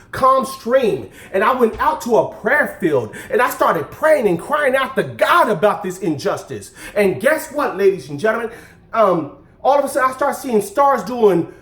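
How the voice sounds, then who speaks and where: A man telling a personal story in casual vlog style, emphatic and animated, often asking "guess what". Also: very high-pitched, reverberant. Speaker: vlogger.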